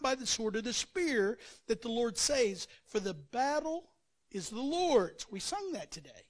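A man's voice: extremely high pitch, animated, moderate pace. A male pastor preaching a sermon, telling the story with energy and acting out quotes and sound effects.

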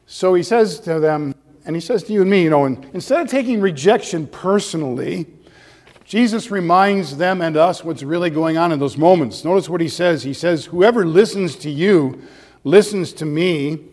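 In a big-sounding room, a male pastor preaches a sermon at a moderate pace, his fairly high voice earnest and packed with rhetorical questions. He grows more animated as the sermon goes on.

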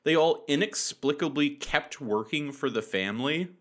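A man's voice: on the high side, normal speed, fairly bright tone. A man from South Carolina co-hosting a casual podcast, wry and hesitant, often correcting himself. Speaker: podcast co-host.

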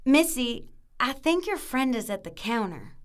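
A woman playing a meek, high-voiced young student. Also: big pitch swings, a little slow, smooth. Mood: flustered. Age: young adult. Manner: meek, apologetic, tearful under pressure. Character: timid young female cosmetology student stuck as a kitchen helper.

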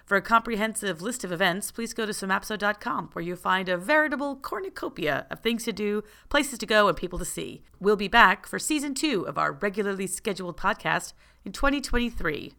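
A woman co-hosting a local podcast, chatting casually and telling jokes with animated delivery. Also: mid-range voice, brisk, creaky, few pauses. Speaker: podcast co-host. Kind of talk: casual chat.

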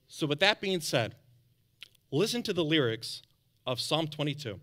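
A man preaching a sermon as pastor, animated, calling out to the congregation for responses, then dropping soft for encouragement. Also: normal speed, pauses often. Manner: drops to a soft, low tone for quiet encouragement.

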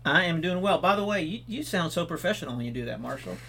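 Male guest, executive pastor, enthusiastic and explanatory, slightly high and bright voice. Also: lively intonation, quick pace, gravelly, husky. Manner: enthusiastic, explanatory, many restarts and fillers. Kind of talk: casual podcast interview.

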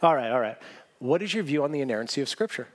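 A man's voice: mid-range voice, lively intonation, very fast, lightly acted. A pastor voicing an impatient male angel who questions a newcomer at heaven's gate in a brusque, interrogating way.

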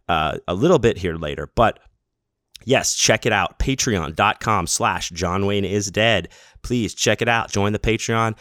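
A middle-aged man, a podcast host, giving casual, enthusiastic shout-outs full of slang and bursting louder on names. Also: deep voice, dry recording, clean studio sound.

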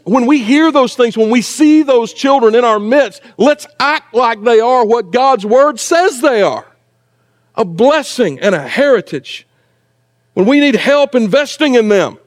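A middle-aged man, preaching a sermon in a church in a conversational way with joking asides. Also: high voice. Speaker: pastor. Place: church sanctuary.

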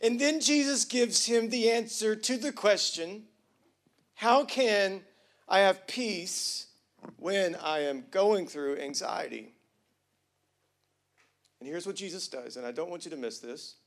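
A pastor preaching to his congregation in a high, lively voice. He talks in casual slang and jokes with the room. He drops almost to a whisper, then climbs loud and emphatic. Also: takes it slowly, pauses often. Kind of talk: sermon.

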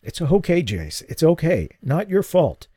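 A man voicing a tired middle-aged father in an audiobook, speaking gently and wryly. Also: a little high, huge pitch swings, measured pace, husky, no room sound, studio quality, voice pushed up, full character voice. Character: weary middle-aged father, radio host.

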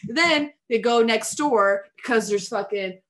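A young woman casually recapping a movie plot, rambling and animated, putting on voices for the characters. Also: fairly high pitch, unhurried. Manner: rambling, animated retelling with quoted voices and swearing.

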